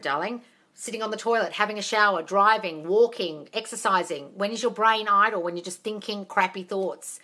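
A woman answers viewer questions on a live phone stream with a bright, forward voice. She is blunt and swears freely, calling everyone darling. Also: medium pitch. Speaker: manifestation coach hosting a live Q&A.

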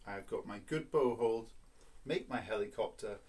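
A man's voice: on the low side, moderate pace, darkish tone, husky. A man teaching a children's violin lesson, patient and playful, counting beats and explaining step by step.

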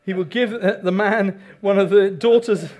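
Male preacher, high voice, animated sermon delivery with congregation asides. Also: moderate pace. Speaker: pastor.

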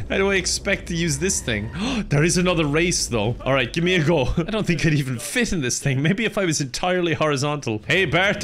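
A man's voice: a little high, fairly bright tone, slight background noise. A young man commenting on a game he plays, joking and sarcastic, laughing often. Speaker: gaming host. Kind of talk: let's play commentary.

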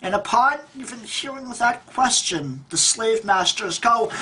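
Man, 30s, home vlog rant, bright and husky voice, frustrated and foul-mouthed, trips over his words. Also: high voice, expressive, moderate pace, few pauses. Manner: frustrated, profane, rambling with restarts. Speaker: vlogger. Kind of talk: ranting vlog monologue. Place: at home by a table.

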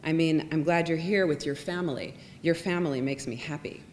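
A woman reads an emotional father who speaks earnestly and wistfully, with little change from her own low voice. A long reverb and a faint rumble hang behind. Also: a little fast, darkish tone, natural voice.

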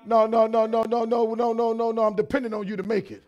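A pastor in his fifties preaching a sermon, swinging between shouted lines and quieter talk, with lots of repetition. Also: very high-pitched, level tone, fast talker, dull audio. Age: 50s.

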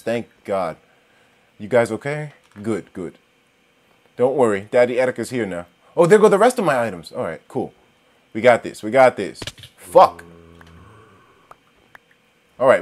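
Excitable swearing gamer man. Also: mid-range voice. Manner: excitable, swears and yells at game monsters; talks straight to viewers. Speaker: gaming commentator. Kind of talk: let's-play commentary.

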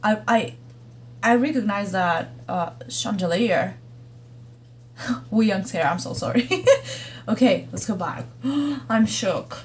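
A woman's voice: medium pitch, expressive, slow pace, pauses often. A woman hosting a reaction video, gushing and exclaiming as she watches, with faint music behind her. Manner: gushing, exclamatory, laughs and gasps often. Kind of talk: excited reaction commentary over a music video.

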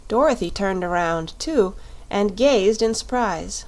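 A woman reading a children's classic aloud as narrator, with steady, clear storytelling. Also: mid-range voice, a little slow, hardly any pauses.

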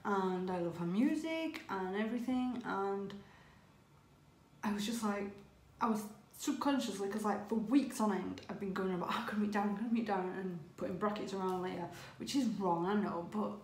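A woman telling a story excitedly in a casual vlog, with lots of "oh my God" and laughter. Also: mid-range voice, brisk, reverberant. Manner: excitable, breathless retelling with frequent "oh my God" and laughs. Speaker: vlogger.

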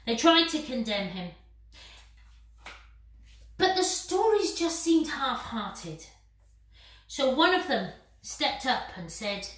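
Slow, dramatic woman church storyteller. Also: sits high, very animated, a bit bright. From England. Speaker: church minister. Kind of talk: simple storytelling for a church video. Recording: roomy, distant mic.

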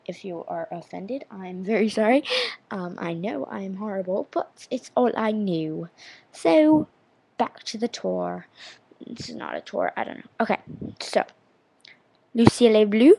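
A woman's voice: medium pitch, a little slow, creaky, darkish tone, husky. A young woman in her teens, casually vlogging, rambling and self-deprecating as she practices counting and saying words. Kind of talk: casual vlog chat.

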